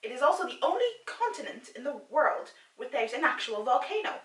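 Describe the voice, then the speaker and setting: Lively, teasing daughter. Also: female voice, sits high, brisk. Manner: playful, teasing, quizzes her mother. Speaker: vlogger's daughter, co-host. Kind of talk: casual snack-tasting chat. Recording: echoey room, camera set far off.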